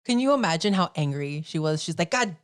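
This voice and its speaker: Woman podcast host, lowish voice, chatty and enthusiastic fan, casual. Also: expressive, fast talker, clear, resonant tone, no room sound, clean studio sound.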